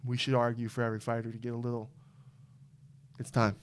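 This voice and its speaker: Young male podcast co-host, smooth resonant voice, casual and rambling, prone to loud fired-up outbursts. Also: fast. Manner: excitable, swings from low mumble to loud outbursts. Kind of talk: casual chat.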